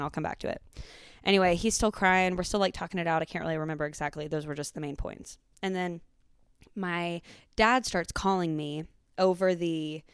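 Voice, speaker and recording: Young woman, lowish smooth voice, animated casual storytelling, dry close sound. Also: no room sound. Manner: animated, swearing, fillers like "like". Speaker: podcast host.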